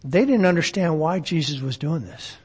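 A man with a somewhat high, darkish, slightly rough voice leads a Bible study in an easy, conversational style, often turning to his listeners with questions. He's animated and speaks at a normal speed. The long reverb of a hall rings around his voice.

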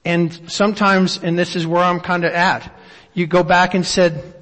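Guy preaching in a church hall, kinda high voice, long echo, reads scripture and asks questions. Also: level tone, normal speed, hardly any pauses, a bit bright. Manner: reflective, asks rhetorical questions; reads scripture aloud at length. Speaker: pastor. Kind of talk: sermon with scripture reading.

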